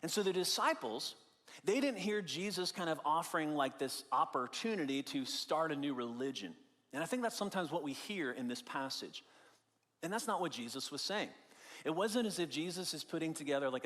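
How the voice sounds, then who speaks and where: In a church sanctuary with big-room sound, a male pastor preaches conversationally, explaining with everyday examples and repeating key phrases for emphasis. His fairly high, fairly bright voice is very animated and a little fast.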